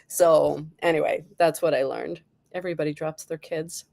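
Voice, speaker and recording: Laughing mom telling stories, dry sound. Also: female voice, low voice, normal speed, creaky, no echo. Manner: laughing, animated storyteller. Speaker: host. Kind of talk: casual storytelling chat.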